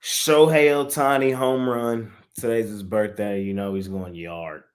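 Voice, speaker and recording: A man's voice: lowish voice, fairly even intonation, measured pace. A man co-hosting a casual sports betting show, laying out his picks with slangy, laid-back banter.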